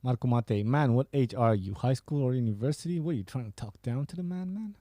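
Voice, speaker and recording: A man's voice: medium pitch, expressive, fairly quick, warm tone, no echo, studio quality. A man hosting a podcast, casually reading out and joking about viewer messages, laughing and swearing often. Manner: laughing, profane, banter. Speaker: podcast host.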